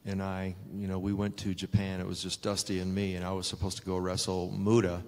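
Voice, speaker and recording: A man's voice: sits low, a little fast. A man in his sixties telling stories on stage at a live panel, acting out the voices of people he quotes. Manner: animated, acts out quoted voices. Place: stage in a large convention hall. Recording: roomy hall reverb.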